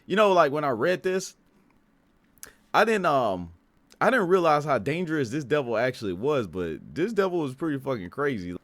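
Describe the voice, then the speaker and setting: A man hosting an anime reaction video, talking casually and excitably with frequent swearing and laughter. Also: a little high, moderate pace. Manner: excitable, profane, laughs often.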